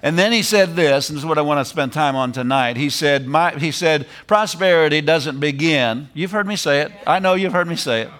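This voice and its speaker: A middle-aged man preaching a sermon, animated, repeating phrases and laughing as he drives points home. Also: on the high side, a little fast, few pauses.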